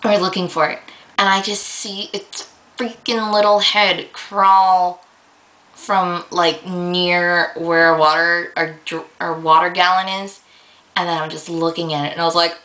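Young woman ranting into her camera, bright clear voice, lots of um and like, gets all worked up. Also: lowish voice, moderate pace, rough recording. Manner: rambling, filler-heavy, excitable storytelling. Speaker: vlogger. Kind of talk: casual rant to camera.

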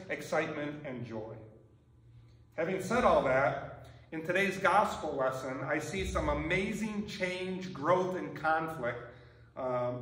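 A man's voice: on the high side, a bit bright, far from the mic. Conversational male pastor in an echoey church. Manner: conversational, often asks "right?". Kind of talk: sermon. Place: church sanctuary.

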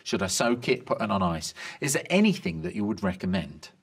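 Animated man telling jokes. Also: on the low side, brisk, gravelly, husky. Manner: lively joke delivery, bright voices for quoted lines. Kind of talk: reading a string of medical jokes.

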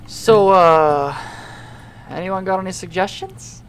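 A young man giving let's-play commentary on a horror game, joking and excitable as he talks to himself while playing. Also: sits high, slow, slight background noise. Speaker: gaming YouTuber.

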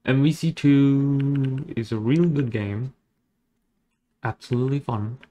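A man's voice: mid-range voice, a little slow, mellow, a little hiss or hum. A man chatting casually as he draws digitally, rambling along with jokes and self-deprecating asides. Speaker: digital artist. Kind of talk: casual commentary while drawing.

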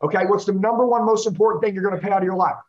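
Male sales trainer, high-pitched, intense drill-style coaching, muffled recording. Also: rapid-fire. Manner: intense, coaching, repeats the listener's name. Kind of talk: live sales training role-play.

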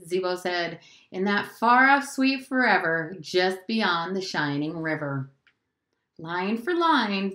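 A woman teacher reading a novel aloud in a steady, clear storytelling voice. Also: medium pitch. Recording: roomy echo.

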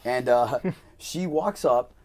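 Young male podcast host, casual storyteller, animated, plays out the quotes, mid-range voice. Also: mid-range voice, takes it slowly.

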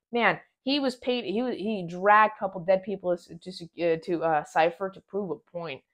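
A woman giving a casual spoiler review of a film, talking in an excitable, rambling way and often restarting her sentences. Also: mid-range voice, normal speed, few pauses, highs cut off.

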